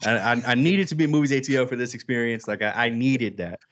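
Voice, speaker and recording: A man co-hosting a podcast in casual chat, animated and quick to act out quoted lines. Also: mid-range voice, lo-fi sound. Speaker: podcast co-host.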